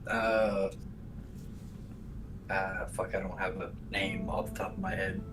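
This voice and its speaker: A man's voice: low voice, little pitch movement, slow, music in the background. A man playing in a tabletop game, hesitant and full of fillers, recorded on a distant mic. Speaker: player. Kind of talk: casual tabletop chat.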